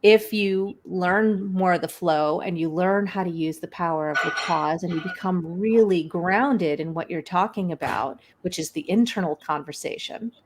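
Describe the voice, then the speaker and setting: An American woman who is a guest on an online show, explaining speaking skills in a quick, energetic way. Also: on the low side, slight background noise. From United States. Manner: quick, energetic, self-described fire hose. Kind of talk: conversational expert explanation.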